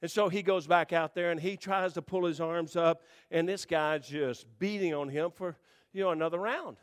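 A man preaching to a congregation, telling a rambling, animated story with restarts. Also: on the high side, normal speed. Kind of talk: storytelling sermon.

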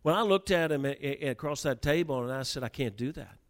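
A middle-aged man preaching, telling a personal story in a sermon, with many restarts and stammers as he builds from a quiet start to fervent emphasis. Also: mid-range voice, animated, brisk.

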